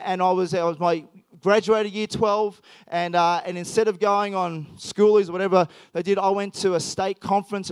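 An Australian male pastor preaching with animated, emphatic delivery, often restarting his sentences. His voice sits high for a man and is smooth and clear. The sound is close and dry. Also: no echo. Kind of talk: sermon with personal storytelling.

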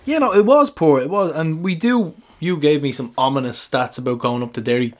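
A man in a loose podcast chat, outspoken and salty. His voice sits a touch high for a man. He talks bluntly and laughs easily. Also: a little fast. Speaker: podcast co-host. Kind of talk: casual sports chat.

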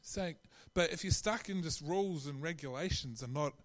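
A man's voice: on the high side, normal speed. A man preaching a sermon in a conversational way, often restarting his phrases and acting out quotes.

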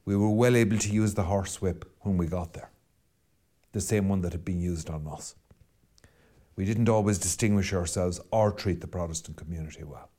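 A man's voice: deep voice, normal speed, mellow. A middle-aged Irish man, a Catholic priest hosting his podcast, speaking earnestly and rhetorically, piling up questions as he reflects. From Ireland. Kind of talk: reflective spoken commentary.

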